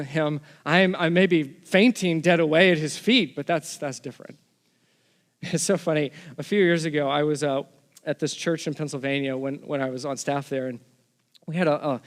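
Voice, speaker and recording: A man's voice: on the high side, fairly even intonation, a little fast, in a large hall. A man from Texas, a pastor giving a sermon in a conversational storytelling way, often restarting his phrases.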